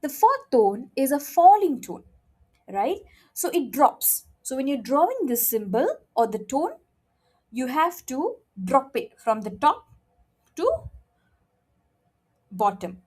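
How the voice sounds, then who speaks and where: A woman's voice: high voice, big pitch swings, takes it slowly, long pauses, a little mellow. A woman teaching a friendly beginner Mandarin lesson, often checking in with "okay?" in a playful, encouraging way.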